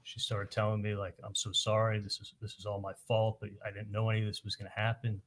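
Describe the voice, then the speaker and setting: Low-voiced man testifying in court. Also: monotone. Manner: halting, retells events with quoted dialogue. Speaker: witness testifying at a trial.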